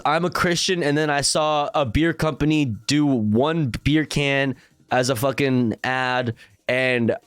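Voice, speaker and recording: A man's voice: medium pitch, no room sound. A man streaming, giving casual reaction commentary in a profane, sarcastic, rambling way full of fillers.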